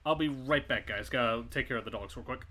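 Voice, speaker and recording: A man's voice: medium pitch, quick pace, sharp tone. A man chatting casually on a stream in an easygoing, agreeable way. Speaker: voice actor on a stream. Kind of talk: casual chat.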